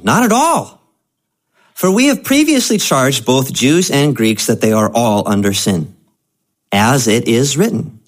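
A male pastor preaching a sermon in a conversational, emphatic way. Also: mid-range voice.

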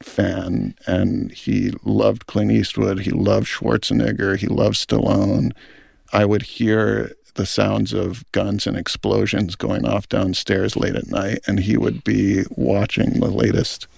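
A man's voice: lowish voice, flat delivery, slow, creaky, a little mellow, breathy edge, no room sound, clean studio sound. A middle-aged man, a film director, speaking in an earnest, thoughtful interview. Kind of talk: reflective interview talk.

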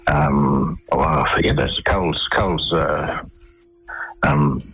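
Low husky man. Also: takes it slowly, a bit bright, poor audio. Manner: rambling anecdotes with frequent restarts. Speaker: interview guest. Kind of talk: radio interview storytelling.

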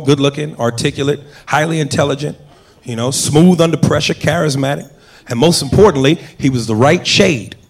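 A man doing stand-up, punchy and sardonic, talking straight to the crowd. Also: a little high. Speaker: stand-up comedian. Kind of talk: stand-up routine. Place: comedy club stage. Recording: roomy live club recording with audience.

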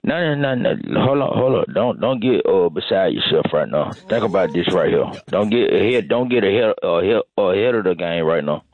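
A man's voice: deep voice, animated, a little fast, hardly any pauses, dry recording. A man calling in to a radio morning show, rambling and repeating himself as he tells a long story. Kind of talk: comic phone call bit. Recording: tinny phone line.

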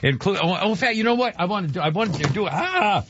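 A man's voice: high voice, expressive, fast talker, a bit bright, slight background noise. A man hosting a radio talk show, rambling, joking and often breaking off mid-sentence. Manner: rambling, self-interrupting, jokey. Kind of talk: casual radio banter. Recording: dull lo-fi radio broadcast.

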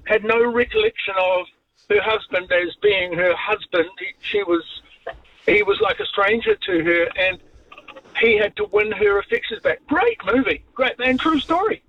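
A man's voice: high voice, expressive, moderate pace. A man calling in to a radio show and talking in an enthusiastic, rambling way, heard over a dull, distant phone line. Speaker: caller. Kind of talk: phone-in chat.

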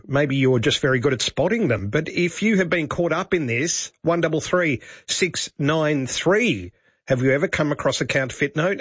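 A man's voice: a little high, fairly bright tone, breathy edge, no room sound. A man presenting afternoon talk radio in a chatty, joking way, with many fillers. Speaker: radio host. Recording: dull, lo-fi radio broadcast.

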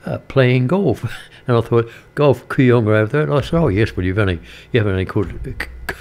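An older Australian man presenting community radio, telling a story in a rambling, halting way with many fillers. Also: medium pitch, darkish tone. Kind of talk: casual radio chat between songs. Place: radio studio.

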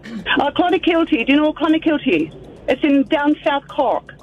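Woman caller doing a chirpy high-voiced Irish lass over a muffled phone line. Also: normal speed, natural voice. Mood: cheery. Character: chatty young Irish woman friend.

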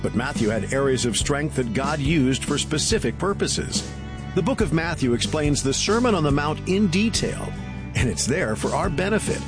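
A man reading a scripted devotional outro as a radio program announcer, in a smooth, reflective manner. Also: a little high, lively intonation, normal speed, music in the background.

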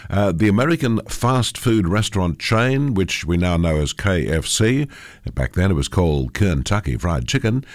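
An older man hosts a radio show, his voice stuffy and nasal from a head cold. He speaks low and deep, with a lively rise and fall in pitch. He talks in a chatty, relaxed way with plenty of "uh"s, close to a studio mic in a dry, dead room. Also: no room sound. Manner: chatty, with frequent "uh" fillers. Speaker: radio host. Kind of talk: radio announcing.

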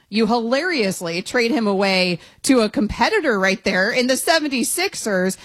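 A middle-aged woman talking as a guest basketball analyst in casual sports talk, quick and opinionated with a joking edge. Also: medium pitch, a bit bright, dry recording.

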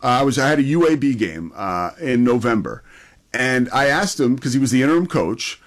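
A man's voice: medium pitch, sing-song, a little fast. A man hosting a sports talk show, chatting in an enthusiastic, conversational way.

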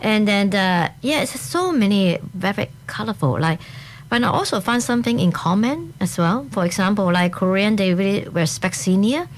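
A woman's voice: mid-range voice, animated, moderate pace, a little hiss or hum. A woman from Hong Kong with a Hong Kong accent, chatting enthusiastically as a guest in an interview and laughing often. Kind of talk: casual interview chat.

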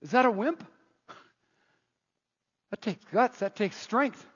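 Male pastor, sermon, high pitch, husky, rhetorical questions, lo-fi recording. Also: takes it slowly. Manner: animated, rhetorical questions, acts out quotes. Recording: echoey hall, dull lo-fi sound.

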